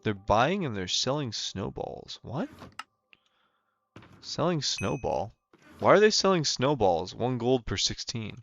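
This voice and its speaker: A man's voice: mid-range voice, very animated, slow pace, vocal fry. A young man chatting casually on a livestream, rambling with lots of fillers and restarts. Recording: dull lo-fi sound with faint music behind.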